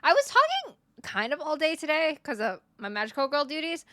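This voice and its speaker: Young woman streamer, bright voice, dry close mic, chatty with chat, voice wearing thin. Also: high-pitched, huge pitch swings, brisk, no room sound. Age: 20s. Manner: chatty, greets viewers one by one. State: voice giving out, coughing. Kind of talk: casual live-stream chat. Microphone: desk streaming mic.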